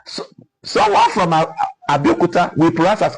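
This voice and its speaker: High lively husky Nigerian man. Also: fairly quick, soft background music, poor audio. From Nigeria (Ukwuani, Delta). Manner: lecturing, sounds out example words. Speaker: guest. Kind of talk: explaining conversation.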